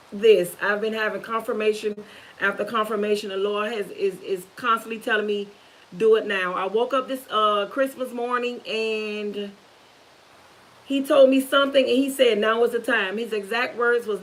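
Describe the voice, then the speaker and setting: A woman on a live stream, nervous and holding back tears, talking in a halting, earnest way with many restarts. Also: mid-range voice, a bit bright, poor audio. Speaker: YouTuber. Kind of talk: emotional live-stream talk.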